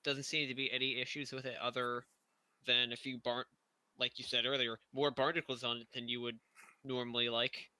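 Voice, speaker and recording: A man as game master of a tabletop game, giving even, matter-of-fact rulings with pauses. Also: mid-range voice, smooth, no echo, poor audio.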